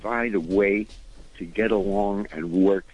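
An older man with a very low, husky voice tells his stories at an unhurried, rambling pace. He sounds earnest and slides from anecdote into gentle preaching, like a musician talking as a guest on the radio. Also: steady tone, dull audio. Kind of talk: conversational storytelling.

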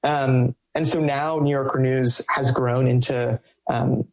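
A man who works as a coalition organizer, answering interview questions in a halting way, with many ums and restarts. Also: mid-range voice, fairly even intonation, creaky, rough recording.

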